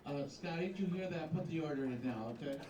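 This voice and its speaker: Pageant emcee, man, fairly high voice, chatty and teasing, echoey hall with a crowd. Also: fast talker. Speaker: pageant host. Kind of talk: live stage emcee banter. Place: large hall with live audience. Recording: echoey hall, distant mic, crowd noise.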